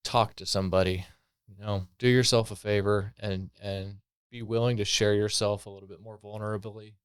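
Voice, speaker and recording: A man's voice: lowish voice, little pitch movement, normal speed, clear, resonant tone, dry recording. A man from Colorado telling his own recovery story as a podcast guest, earnest and reflective, with many fillers. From Colorado, USA. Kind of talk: personal recovery story, conversational.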